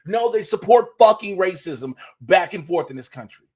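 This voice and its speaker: High, husky male comedian co-host; furious, profane, emphatic delivery. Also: lively intonation, a little fast, hardly any pauses. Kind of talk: heated casual chat. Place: home apartment, at his camera.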